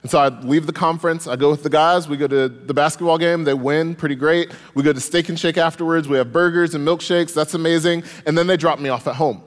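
Brief: young male storyteller, animated and comic, higher-pitched; hall with long reverb. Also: quick pace, few pauses. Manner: animated, comic, rising in excitement. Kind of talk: live stage storytelling.

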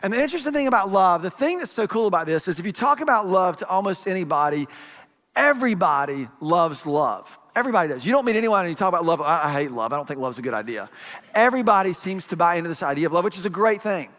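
A man's voice: high voice, animated, fast, fairly bright tone, long reverb tail. A man, a pastor, preaching a sermon in a conversational storytelling way, acting out the dialogue.

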